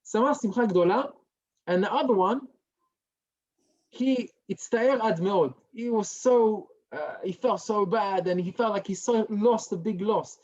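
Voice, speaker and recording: Rabbi guy telling a torah story, lively then hushed, muffled lo-fi sound. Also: sits high, unhurried. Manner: animated storyteller who drops to a hushed tone for dramatic parts.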